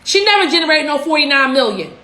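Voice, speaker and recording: A woman's voice: high-pitched, very animated, fast, pushed and bright. A young woman in Philadelphia giving a profane, fired-up livestream rant, firing off rhetorical questions. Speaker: social media business coach. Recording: echoey room.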